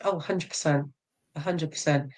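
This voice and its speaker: A woman's voice: deep voice, steady tone, moderate pace, darkish tone. A woman in her forties, a bodybuilder guest in a casual interview, frank and self-mocking, laughing often.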